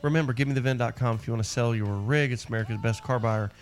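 Guy hosting call-in radio, quick and jokey, keeps it moving. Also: medium pitch, faint music behind. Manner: brisk, joking, quick to move on. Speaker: radio show host.

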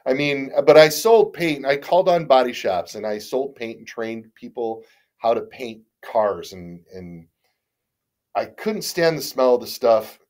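A middle-aged man with a mid-pitched, ordinary voice speaks as a guest in a relaxed interview. He rambles through his stories, restarting sentences and stammering. He is candid and self-deprecating, and swears now and then. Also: measured pace. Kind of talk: casual interview storytelling.

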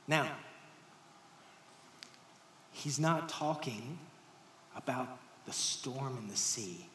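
A man preaching a sermon to a congregation, talking to them directly and dropping to hushed near-whispers before raising his voice for emphasis. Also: medium pitch, drawn-out words, pauses often, slight background noise. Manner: shifts between hushed near-whispers and raised emphatic lines; conversational, addresses the congregation directly. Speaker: pastor. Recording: roomy hall sound with faint ambience.

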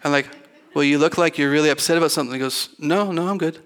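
Bright-voiced folksy pastor telling testimonies. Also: male voice, a little high, quick pace. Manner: folksy, rambling testimony with acted-out quotes. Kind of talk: storytelling sermon. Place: church sanctuary.

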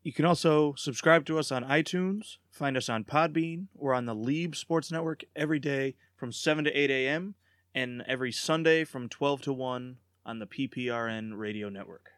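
A man co-hosts a casual sports podcast in an easygoing way and laughs along with the others. His voice is mid-pitched. The sound is dry and close. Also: moderate pace, a bit bright, clear, resonant tone, no room sound. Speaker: podcast co-host.

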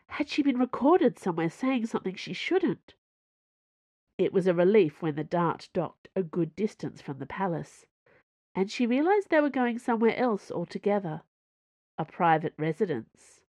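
An audiobook narrator, a woman with a mid-range voice, reads a scripted story aloud in a measured, expressive way. There's no room sound at all.

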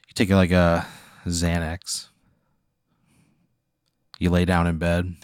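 A man's voice: sits low, completely flat delivery, moderate pace, long pauses, clean tone, no echo, clean studio sound. A man co-hosting a comedy podcast, rambling through an absurd improvised hypothetical. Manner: rambling, building an absurd scenario.

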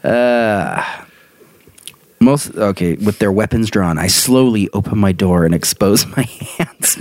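A man's voice: fairly low pitch, slow, a little mellow, a little hiss or hum. A young man casually reading a funny dream story aloud, laughing often and breaking into banter. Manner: laughs often, puts on silly voices in quotes.

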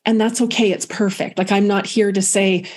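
A woman medium telling a personal story in a soft, reflective way, with many pauses and restarts. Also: medium pitch, fairly even intonation. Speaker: guest medium.

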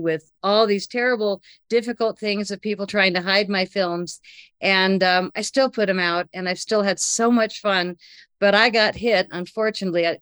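A woman telling a personal anecdote in conversation, lively and breathless, acting out the lines of the people in it. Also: mid-range voice, clean tone, no echo. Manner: lively, breathless retelling with acted-out quotes.

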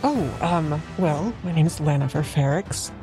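A woman's voice: sits low, lively intonation, a little slow. A woman player in a tabletop game, speaking in a hesitant, polite way. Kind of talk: tabletop role-play chat. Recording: music behind the talk.

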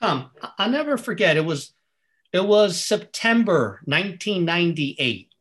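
A middle-aged man telling earnest, animated stories as a podcast guest. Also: high-pitched, measured pace. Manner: earnest, animated storyteller who acts out dialogue. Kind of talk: storytelling in a podcast conversation.

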